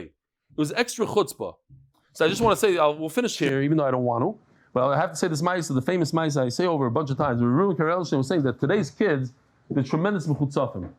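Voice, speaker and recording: A man giving an animated Talmud lecture, telling stories and mixing Aramaic phrases into his English. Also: a little high. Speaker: Talmud teacher.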